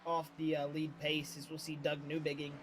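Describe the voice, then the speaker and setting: A man calls a sim race in an easygoing, filler-heavy way. His voice sits slightly high. Steady engine noise rumbles behind him. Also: moderate pace. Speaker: race commentator. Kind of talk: sim racing play-by-play commentary.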